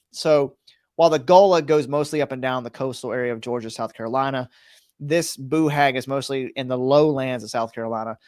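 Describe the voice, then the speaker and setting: A man co-hosting a casual paranormal podcast, building up a story with dramatic pauses and lots of "you know". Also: mid-range voice, no echo, clean studio sound. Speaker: podcast co-host.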